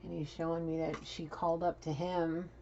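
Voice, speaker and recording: Low-voiced blunt woman tarot reader. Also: level tone, normal speed, dark tone, lo-fi sound, slight background noise. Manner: chatty and blunt, swears freely. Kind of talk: casual channeled tarot reading.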